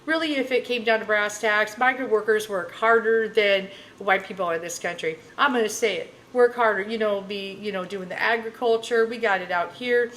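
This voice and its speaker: A woman's voice: mid-range voice, normal speed, few pauses, a bit bright, slight background noise, low-quality recording. A woman in a mid-range voice rants casually to her camera as a tarot reader. She is blunt and rambling, and she stacks filler phrases between her points.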